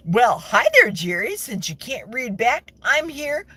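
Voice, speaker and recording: A woman's voice: a little high, sing-song, measured pace, fairly bright tone, husky. A woman in her sixties from the United States, chatting on a live stream from her parked car and answering viewer comments in a rambling, talkative way. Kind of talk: casual live-stream chat. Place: parked vehicle. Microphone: phone held in the car. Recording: car noise in the background. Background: vehicle noise.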